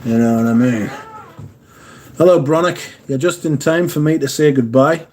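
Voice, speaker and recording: On a casual livestream, a man with a fairly high, somewhat mellow voice speaks at a normal pace over slight background noise. He chats and swears freely while reading viewers' comments aloud and replying.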